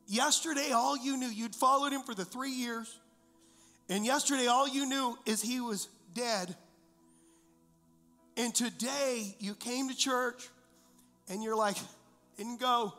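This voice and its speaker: A man's voice: very high-pitched, a little slow, long pauses, pushed and bright, in a large hall, soft background music. A male pastor preaching a sermon, emphatic and repetitive, full of rhetorical questions. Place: church.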